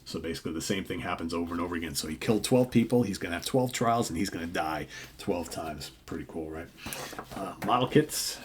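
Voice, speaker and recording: A man's voice: lowish voice, quick pace, husky. An older man co-hosting a comic book show, casually retelling the stories and acting out the characters' lines with lots of fillers. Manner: animated storyteller, acts out dialogue with filler words.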